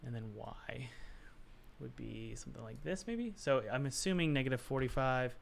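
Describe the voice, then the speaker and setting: Male game dev, mid-pitch, muttering self-talk while working, confused asides. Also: expressive, normal speed, creaky, slight background noise. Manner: muttering to himself, puzzled, self-talk with sighs. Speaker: game developer. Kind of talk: thinking aloud while working.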